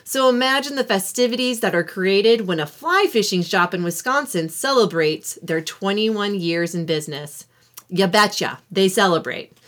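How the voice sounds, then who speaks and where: A woman's voice: medium pitch, lively intonation, moderate pace, hardly any pauses, fairly bright tone. A woman hosting a podcast interview, chatty and playful, telling stories and laughing often. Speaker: podcast host. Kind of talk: casual interview chat.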